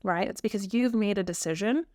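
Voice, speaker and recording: A woman's voice: medium pitch, fairly quick, darkish tone, no room sound, clean studio sound. A woman hosting her own podcast, talking earnestly and frankly with frequent ums in a casual solo chat. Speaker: podcast host.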